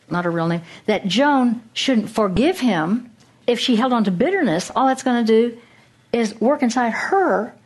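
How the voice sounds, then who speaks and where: A woman's voice: on the high side, a little mellow, husky. A woman Bible teacher giving an earnest, emphatic Christian teaching talk, asking pointed questions.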